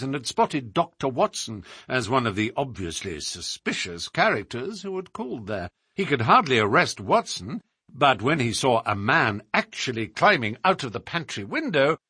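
A man reading a story aloud in the first person, speaking as a shrewd male detective who recounts a case in a measured, precise way. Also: medium pitch, husky, no echo, clean studio sound, full character voice. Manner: measured, precise, lively emphasis. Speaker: audiobook reader.

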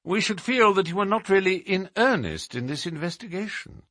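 A man voicing a stern, commanding male detective with a husky, emphatic delivery. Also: high voice, very animated, moderate pace, bright, forceful tone, dry recording, clean studio sound, pitched above the performer's own voice, full character voice. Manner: emphatic, incisive.

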